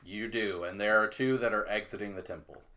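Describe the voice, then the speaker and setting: A man's voice: lowish voice, steady tone, a little fast, sharp tone. A man acting as game master in a casual tabletop game, narrating rolls with easy chuckles.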